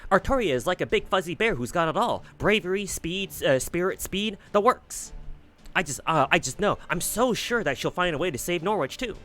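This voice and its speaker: A man's voice: on the high side, very animated, quick pace, bright, forceful tone, soft background music. A man voicing an eager, chipper young woman in a mock Southern accent, often tripping over the lines. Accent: mock American Southern. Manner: chipper, rambling, stumbling over words. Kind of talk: reading game dialogue aloud with voices.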